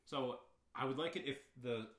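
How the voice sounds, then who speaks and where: A man's voice: mid-range voice, moderate pace, a bit bright, echoey room. A man co-hosting a casual podcast, chatting enthusiastically and rambling with frequent laughs. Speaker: podcast co-host. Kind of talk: casual chat.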